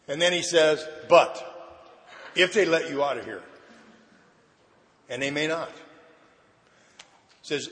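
A man with a bright, forceful, fairly high voice gives a personal testimony at a recovery meeting. He tells it lively and plays out each exchange. The sound rings with the long reverb of a large hall. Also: slow, pauses often. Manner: lively storyteller who acts out the dialogue. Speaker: speaker sharing his recovery story. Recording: echoey hall.

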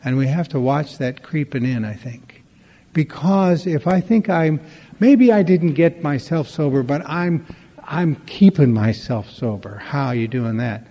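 Older guy with a gravelly mellow voice telling wry recovery stories, echoey hall. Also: on the high side, animated, unhurried, muffled recording. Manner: conversational, acts out dialogue, wry humor. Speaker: recovery meeting speaker. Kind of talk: storytelling talk to a recovery meeting.

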